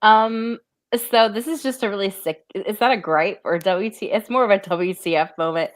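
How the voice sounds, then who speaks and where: A woman's voice: mid-range voice, normal speed. A woman co-hosting a podcast, telling stories in a rambling, giggly way. She leans on filler words and loses her thread as she talks. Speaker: podcast co-host. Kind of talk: casual chat.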